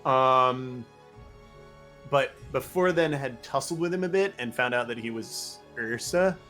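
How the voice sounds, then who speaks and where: A man's voice: medium pitch, unhurried, bright, forceful tone, faint music behind. A man casually recapping a tabletop game session for his group, rambling with many fillers. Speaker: player recapping the last session.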